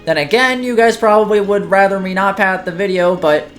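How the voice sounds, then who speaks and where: A woman's voice: mid-range voice, brisk, faint music behind. A woman hosting a let's-play, chatting casually over gameplay in a rambling, self-mocking way.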